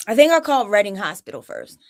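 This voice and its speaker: A woman's voice: mid-range voice, big pitch swings, fast. A middle-aged woman hosting a live stream, telling a personal story in a dramatic, emotional way, full of restarts and tag questions, picked up by a phone or webcam. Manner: dramatic, reliving the moment.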